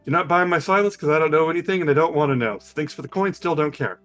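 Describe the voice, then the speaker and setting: A surly little gnome cook, as a game master puts him on, snapping short lines and brushing everyone off. He swears freely and wants no part in anything. Soft music plays faintly underneath. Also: a little high, quick pace, pitched above the performer's own voice, close to an everyday voice. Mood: grumbling. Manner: curt, swearing, dismissive.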